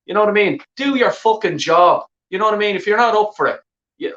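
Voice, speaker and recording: A man's voice: high-pitched, expressive, fast talker, sharp tone, reverberant, muffled recording. An Irish man ranting angrily on a live stream as a football fan, swearing constantly and repeating himself. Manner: heavy swearing, exasperated, repetitive filler phrases. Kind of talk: angry live-stream rant.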